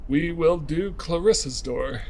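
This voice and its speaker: A man's voice: fairly high pitch, a little slow, a little mellow, slight background noise. A man narrating his moves in a story game, thinking aloud and reading out choices. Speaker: let's play streamer.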